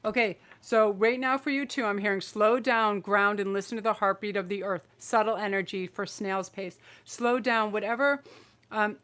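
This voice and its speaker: A woman's voice: medium pitch, steady tone, moderate pace, fairly bright tone. Effusive woman giving a live tarot reading. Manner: effusive and emotional, rambling with restarts. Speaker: tarot reader and channel host. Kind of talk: live-streamed psychic reading.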